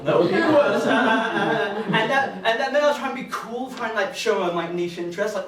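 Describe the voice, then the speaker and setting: A man's voice: sits high, normal speed, hardly any pauses, crowd noise. Rambling young male stand-up comic. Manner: rambling, self-deprecating, full of fillers. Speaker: stand-up comedian. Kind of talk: live stand-up set. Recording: echoey room, mic from far off.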